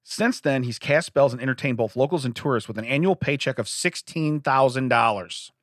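A man's voice: medium pitch, brisk, no echo, clean studio sound. A man co-hosting a casual chat, reading news stories aloud and joking about them. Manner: jokey, reads news stories aloud with asides. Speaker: podcast co-host.

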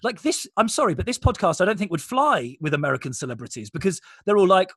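Fast-talking man, self-deprecating. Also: sits high, lively intonation, a bit bright, husky, no echo. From Britain. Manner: quick, self-deprecating storytelling with lots of fillers. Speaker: comedian and guest. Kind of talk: casual podcast chat.

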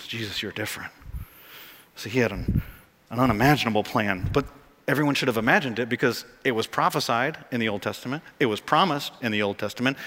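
A man preaching a sermon as pastor, animated and jokey, rising to excited peaks. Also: mid-range voice. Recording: long hall reverb.

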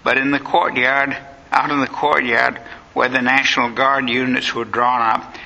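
Man, history lecturer, gravelly voice, sharp and forceful tone, vivid storytelling. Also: medium pitch, flat delivery, normal speed, dull audio. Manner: vivid storytelling, acts out quotes.

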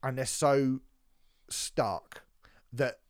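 A man's voice: medium pitch, extremely slow, smooth, no room sound. Man, podcast co-host, rambling restarts, cursing, dry close sound. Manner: animated, swearing, trailing restarts. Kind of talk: casual music review chat.

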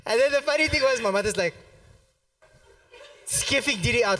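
A man's voice: extremely high pitch, unhurried, pauses often, far from the mic. A man preaching a sermon at a church service, telling a story and acting out the quotes with plenty of laughter. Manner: animated, acts out quotes, laughs often.

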